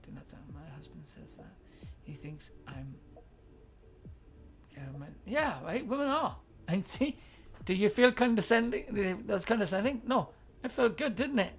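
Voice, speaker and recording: Woman, livestream host, casual advice chat, blunt, swears a lot, mid pitch. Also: animated, normal speed, slightly rough, soft background music. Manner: blunt, heavy swearing, laughs often; reads viewer chat aloud.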